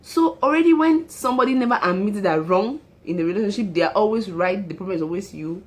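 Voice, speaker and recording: A woman's voice: medium pitch, lively intonation, fast. A woman hosting her own show, giving relationship advice in an emphatic monologue and repeating her key phrases.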